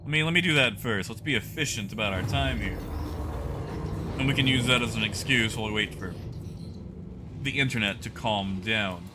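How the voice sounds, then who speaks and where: A man's voice: lowish voice, moderate pace, pauses often, noisy background. A man streaming a game live, chatting casually with his viewers by name while he plays.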